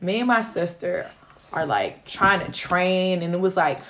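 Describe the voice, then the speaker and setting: A woman co-hosting a podcast, telling a story from work in casual, animated, profane chat. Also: fairly low pitch, measured pace. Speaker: podcast co-host.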